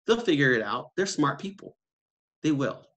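A man's voice: medium pitch, sing-song, moderate pace, pushed and bright. A man giving a conversational seminar talk, telling stories with quoted voices and asking rhetorical questions. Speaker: seminar speaker.

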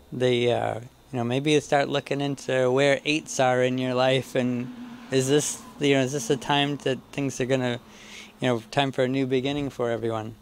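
A man giving an informal Bible teaching at a church, talking in a halting way with many restarts. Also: medium pitch, a little hiss or hum. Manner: halting, restarts often, chuckles to himself.

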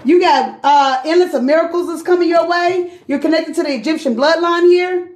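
A high-pitched woman runs a loose, chatty tarot reading, cursing freely and calling her listener queen and sis. Her voice echoes around the room as she talks. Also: moderate pace, a little mellow, a little hiss or hum. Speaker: tarot card reader. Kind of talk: casual live tarot reading.

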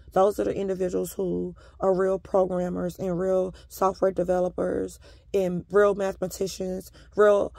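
A woman's voice: on the low side, gravelly, darkish tone, no echo. A woman delivering a combative, profane monologue to camera, with sarcastic politeness throughout. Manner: repeatedly addresses a listener as "sir". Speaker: vlogger.

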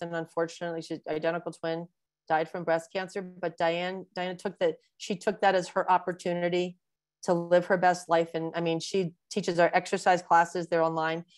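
A woman in her sixties, a physician being interviewed in a webinar, explaining at length in a warm, rambling way with many fillers. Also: fairly low pitch, clean tone, no echo. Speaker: breast cancer physician, guest.

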